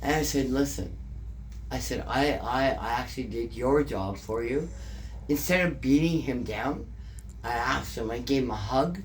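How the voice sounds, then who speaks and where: A woman with a rumbling low voice and a Canadian accent talks at normal speed over a little hiss or hum. In a casual interview she tells an emotional story, swearing often and repeating herself.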